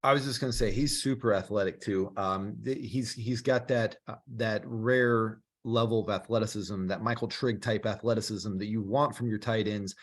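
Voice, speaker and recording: A young man co-hosting a casual sports podcast, chatty and quick to laugh, with plenty of ums and restarts. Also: lowish voice, fairly even intonation. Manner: chatty, laughs often, many fillers and restarts. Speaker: podcast co-host.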